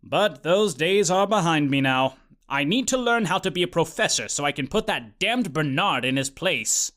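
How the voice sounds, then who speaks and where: A man's voice: fairly high pitch, expressive, normal speed, fairly bright tone, voice pushed down. A man voicing a dim, self-absorbed male wizard professor who talks in an offhand, mumbly, clueless way. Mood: rambling.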